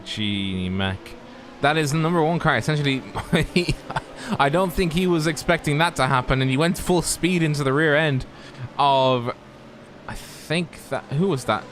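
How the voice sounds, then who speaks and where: A man's voice: a little high, normal speed, a bit bright, a little hiss or hum. A man co-commentating a sim race live, chatty and joking. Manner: chatty, laughs, loose and joking.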